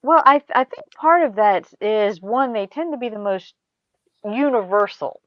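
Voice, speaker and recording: A middle-aged American woman telling stories in a relaxed group chat, laughing often and trailing off into asides. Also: mid-range voice, muffled recording. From United States. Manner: chatty storyteller, quick laughs, trailing asides. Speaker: show host. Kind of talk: casual chat.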